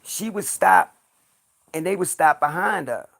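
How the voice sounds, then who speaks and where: A man's voice: high-pitched, unhurried, creaky, fairly bright tone. A man talking casually about creature sightings, earnest and insistent, often repeating himself. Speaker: podcast host. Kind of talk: casual chat.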